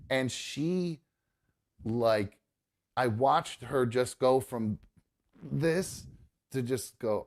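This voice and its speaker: A man's voice: mid-range voice, slow, long pauses. Earnest rambling middle-aged man. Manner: rambling anecdotal storyteller, earnest. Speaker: podcast host. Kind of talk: casual chat. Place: studio.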